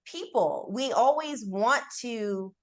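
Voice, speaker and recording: A woman guest in a casual interview, talking in an animated way with frequent laughter and many fillers. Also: a little high, takes it slowly. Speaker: guest entrepreneur coach.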